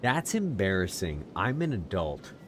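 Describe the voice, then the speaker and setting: A man's voice: sits low, sing-song, unhurried, background noise. A man streaming a video game, rambling to himself with casual commentary and frequent chuckles. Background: music.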